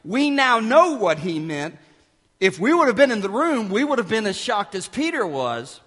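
A man preaching a sermon as pastor, emphatic and dramatic, dropping to hushed asides and rising again. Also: sits high, sing-song, moderate pace, long reverb tail.

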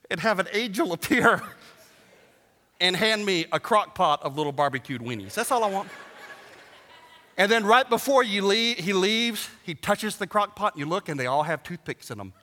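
High, animated pastor preaching in a hall. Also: male voice, normal speed, a little hiss or hum. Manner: animated and joking, swings from hushed to shouting. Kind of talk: sermon. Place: church sanctuary. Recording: long hall reverb.

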